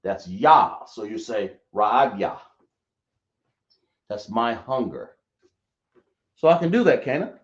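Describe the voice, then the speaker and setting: A man teaching a language lesson, speaking slowly and often checking whether his listeners understand. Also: mid-range voice, very animated. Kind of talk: classroom lesson. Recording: echoey room, dull lo-fi sound.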